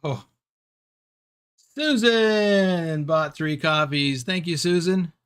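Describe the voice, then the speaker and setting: A man's voice: a little high, very slow, smooth. Rambling middle-aged man streaming a game. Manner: rambling, loses his train of thought. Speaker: live-stream host. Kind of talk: casual live-stream chat over gameplay. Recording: steady background noise.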